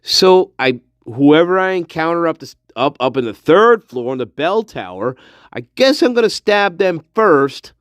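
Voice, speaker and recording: A man's voice: fairly high pitch, sing-song, moderate pace, no room sound. A man in a rambling, mocking monologue, full of fillers, walking through his house while he talks. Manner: mocking, mock-scared, rambling with many fillers. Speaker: vlogger.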